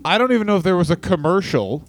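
A man on a comedy podcast riffs sarcastically, tossing out profane punchlines. His slightly high voice is recorded close and dry. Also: big pitch swings, fast talker, dry recording. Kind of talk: casual comedic chat.

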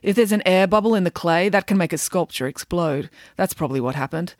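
A woman's voice: fairly low pitch, a little fast, a little mellow, no echo, studio quality, lightly acted. A woman voicing a grumpy, vain male art teacher who talks in a brusque, dismissive way, read in a storybook. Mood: gruff.

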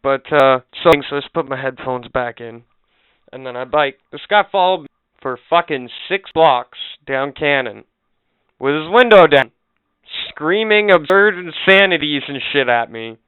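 A relaxed man tells a rambling story on a podcast, swearing casually as he goes. His voice is smooth and a little raised in pitch. The sound is thin and phone-like, with no room echo at all. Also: normal speed. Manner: laid-back, swearing, rambling anecdotes. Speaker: podcast co-host. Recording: dry, phone-like narrow sound.

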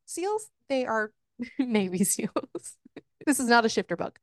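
A woman co-hosting a casual book podcast, retelling a plot with lots of swearing and quick put-on quotes of the characters. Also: on the high side, big pitch swings, no echo, studio quality. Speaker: podcast co-host. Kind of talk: casual book-review chat.

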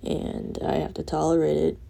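A drowsy young woman ranting late at night, rambling and swearing with soft laughs breaking in. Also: low-pitched, completely flat delivery, moderate pace, creaky. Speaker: vlogger.

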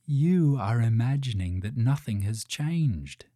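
A man voicing a slow, soothing ancient spirit. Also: mid-range voice, lively intonation, mellow, no echo, studio quality.

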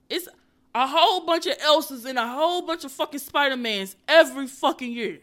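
A woman podcast host rants through a casual comedic monologue, swearing freely as she talks straight to her audience. Her voice sits fairly high and swings widely in pitch. Her tone is bright and sharp. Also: normal speed. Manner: profane, animated ranting; talks straight to viewers and listeners.

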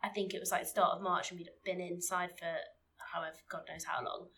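A woman's voice: fairly low pitch, flat delivery, a little fast, creaky, fairly bright tone, slight background noise. A young woman from the Isle of Man co-hosting a casual podcast chat, playful and teasing. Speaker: podcast co-host.

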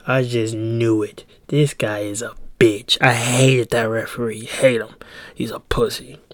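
A man's voice: medium pitch, little pitch movement, measured pace, dry recording. A young man hosting a solo podcast, telling a heated story in a rambling, profane way. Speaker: podcast host. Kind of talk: casual solo podcast monologue.

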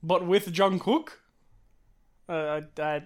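A man, co-hosting a casual podcast in a relaxed way, often answering with short agreeing words. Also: sits high, slow. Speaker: podcast co-host. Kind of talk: casual chat.

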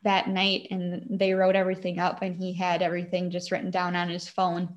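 A woman's voice: on the low side, monotone, fairly quick, highs cut off. Chatty young woman with a Wisconsin accent. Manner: chatty, giggly, lots of fillers. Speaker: guest. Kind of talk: casual storytelling.

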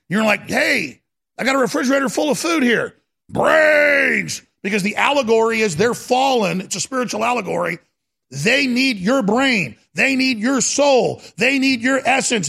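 A male talk host rants in a fervent, preacher-like monologue. His voice sits high, with heavy gravel and a husky edge. He often erupts into shouting. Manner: impassioned, preacher-like, bursts into shouting.

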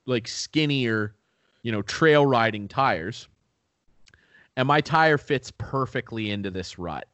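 A man's voice: mid-range voice, a bit bright, dry recording. A young man telling a story in casual chat, laid-back, swearing often and laughing at himself.

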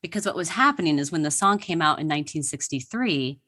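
A woman's voice: deep voice, animated, quick pace, bright, forceful tone, husky. A woman guest on a podcast, telling history stories with enthusiasm and laughing often. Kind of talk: casual interview chat.

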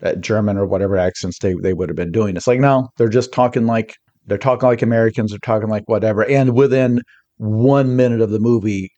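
Mellow-voiced man talking films. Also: on the low side, dull audio. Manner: animated storytelling with quick mock quotes. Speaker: podcast guest. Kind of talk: casual podcast discussion.

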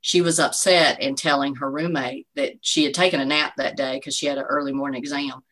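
A woman's voice: a bass voice, fairly even intonation, brisk, fairly bright tone, rough recording. A woman in her forties giving an earnest, faith-filled personal testimony as an interview guest, telling her story with frequent "you know". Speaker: guest, bereaved mother.

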